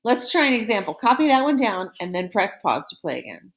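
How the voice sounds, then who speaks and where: A woman teaching a recorded French lesson, explaining in a friendly classroom way and saying model phrases slowly and clearly for repetition. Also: medium pitch, big pitch swings, fairly bright tone. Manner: slow, carefully pronounced model phrases for repetition; friendly classroom explaining with small slips and laughs.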